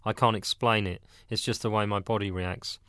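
A man's voice: lowish voice, steady tone, normal speed, pushed and bright, smooth, dry recording, studio quality. A man voicing a distressed young woman who speaks through tears. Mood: tearful. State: crying.

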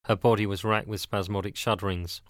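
A man narrating a dramatic story in a steady, plain storytelling manner. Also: lowish voice, fairly quick, no echo, studio quality. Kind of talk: scripted narration.

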